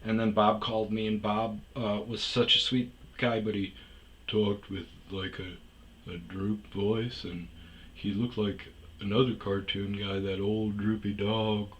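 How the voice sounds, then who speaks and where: A man's voice: lowish voice, flat delivery, a little slow, lo-fi sound, slight background noise. A man telling a story in a casual, rambling way, swearing often and restarting his sentences. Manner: rambling, profane, full of restarts. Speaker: storytelling podcast host.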